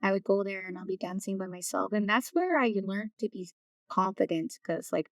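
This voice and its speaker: A woman, a community knowledge keeper, speaking softly in an interview and searching for her words. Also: medium pitch, moderate pace, dry recording. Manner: soft-spoken, searching for words. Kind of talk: casual interview talk. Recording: distant mic, dry room.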